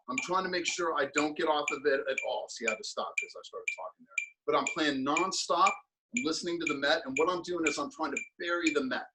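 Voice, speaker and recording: A man teaching percussion in an instructional clinic, counting beats aloud and explaining practice habits in a relaxed, thinking-aloud way full of fillers. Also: on the high side. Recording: steady ticking and tapping noise under the voice.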